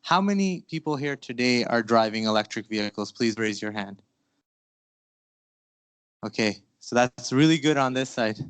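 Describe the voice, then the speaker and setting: An enthusiastic man moderating a conference panel, talking in a dry, close sound. He keeps the room engaged with questions, often pausing on fillers as he goes. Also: mid-range voice, expressive, clear, resonant tone, dry recording. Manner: upbeat, questions the audience, hesitant fillers.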